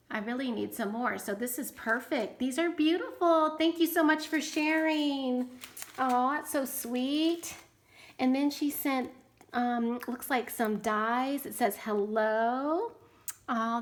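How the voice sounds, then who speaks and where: A woman with a somewhat high voice talks casually to her viewers as she unboxes craft supplies. She gushes over each item with delighted exclamations. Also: a bit bright. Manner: gushing and enthusiastic, many delighted exclamations. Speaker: crafting YouTuber opening happy mail.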